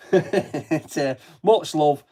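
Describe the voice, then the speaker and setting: A man's voice: a little high, drawn-out words, mellow. A middle-aged man with a broad Yorkshire accent, co-hosting a casual, jokey radio chat. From Barnsley, England. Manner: chatty, jokey, broad dialect. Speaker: radio co-host.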